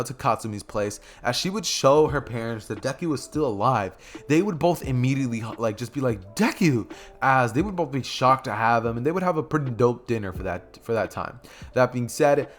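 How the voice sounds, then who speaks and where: A man narrating a fan what-if story in a casual, loose, slangy way, full of fillers and asides. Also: medium pitch.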